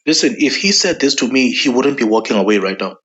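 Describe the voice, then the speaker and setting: Forceful man, lo-fi. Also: mid-range voice, animated, quick pace, very noisy. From South Africa. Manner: forceful, repeats lines for emphasis. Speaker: political commentator. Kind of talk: angry monologue to camera.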